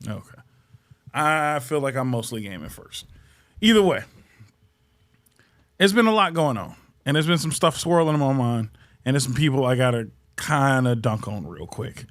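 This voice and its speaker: A man's voice: medium pitch, very animated, normal speed, long pauses, fairly bright tone. A man hosting a comedy podcast, chatting loosely and ranting with profanity and jokes. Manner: loose, profane, joking rants. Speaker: podcast host. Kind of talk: casual comedic podcast chat.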